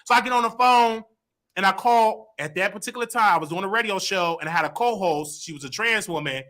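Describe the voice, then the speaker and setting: A man telling a personal story as a guest, animated and expressive, jumping into loud voices when quoting people. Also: high voice, brisk. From Chicago.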